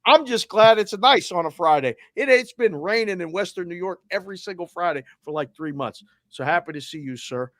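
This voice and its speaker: Upbeat Boston man reading listener shout-outs. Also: high-pitched, fairly quick, few pauses, no room sound, studio quality. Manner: energetic, shout-outs with area codes and towns. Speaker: sports talk show host. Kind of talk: roll call of listeners, casual.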